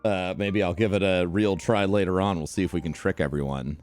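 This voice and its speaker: A man's voice: deep voice, steady tone, a little fast, a little mellow, faint music behind. A man hosting a gaming channel, chatting casually and giggling between lines.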